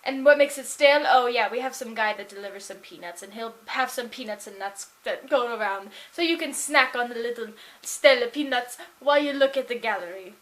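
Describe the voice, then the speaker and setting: A woman plays a rambling game show promoter who stretches out her words and gushes over every detail in an improvised bit. The voice sits high and bright, with a slow, salesy lilt. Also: lightly acted. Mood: effusive. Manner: slow, drawn-out, effusive salesy delivery. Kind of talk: improvised character monologue.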